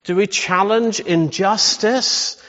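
Guy preaching, fairly high voice, pushes hard with questions, echoey dull hall sound. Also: slow pace, a bit bright. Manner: emphatic, asks rhetorical questions. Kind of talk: sermon.

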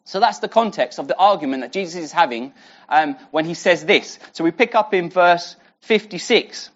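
A preacher talks through a Bible passage in a loose, conversational way. The voice sits at a middling pitch and often restarts sentences and poses rhetorical questions to the listeners. The recording sounds muffled and lo-fi. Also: expressive, moderate pace. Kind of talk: sermon teaching a Bible passage.

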